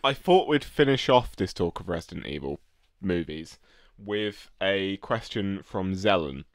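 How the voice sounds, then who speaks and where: A man, a podcast co-host reading listener comments in relaxed casual chat with many fillers. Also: sits low, a little slow, dry recording, clean studio sound. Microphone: close podcast mic.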